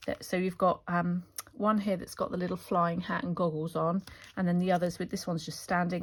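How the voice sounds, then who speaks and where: A woman chatting enthusiastically as she shows off her craft stamp designs, with fillers and restarts. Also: fairly low pitch. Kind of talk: casual product walkthrough.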